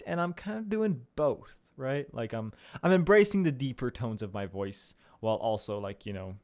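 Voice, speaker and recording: A young man from Southern Illinois runs his podcast as a casual, rambling monologue, cursing, running himself down, and leaning on fillers. His mid-range voice has a darkish tone and is animated, moving at a moderate pace with hardly any pauses.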